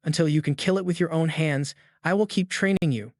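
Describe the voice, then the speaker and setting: Man reading as cold death row inmate, twenty-six, flat emotionless lecturing, dry close sound. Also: a little high, fairly quick, no echo, natural voice. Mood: cold, calm.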